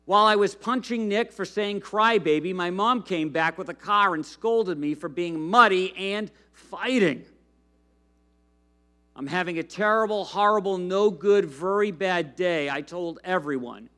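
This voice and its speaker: A man's voice: high voice, a little slow, bright, forceful tone. A man reading a whiny grumpy little boy. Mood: aggrieved. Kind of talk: storybook reading.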